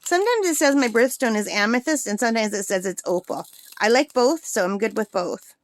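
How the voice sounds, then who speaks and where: A woman's voice: on the high side, animated, fairly quick, no room sound. A middle-aged woman talking casually and rambling as she works on a craft vlog, laughing often. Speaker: craft vlogger.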